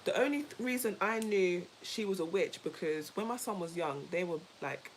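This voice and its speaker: Woman chatting on a podcast, kinda low voice, animated, repeats stuff for emphasis, laughs a lot. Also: moderate pace, hardly any pauses, slight background noise, rough recording. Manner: animated, emphatic storyteller who repeats herself; laughs easily while talking. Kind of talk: casual chat with a co-host and viewers.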